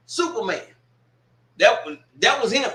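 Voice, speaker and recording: A man's voice: very high voice, sing-song, a little slow, pushed and bright. A man hosting a sports watch party livestream, reading comments aloud and scolding a troll with laughs and swearing. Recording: echoey room.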